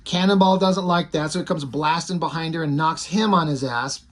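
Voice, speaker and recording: A man's voice: fairly high pitch, moderate pace, a bit bright. A man giving casual comic book commentary in a blunt, rambling way with frequent profanity.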